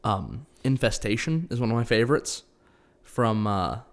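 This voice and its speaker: A man's voice: on the low side, big pitch swings, moderate pace. Laid-back man hosting a gaming podcast. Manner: easygoing, swears and laughs along. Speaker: podcast host. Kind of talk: casual chat about tabletop games.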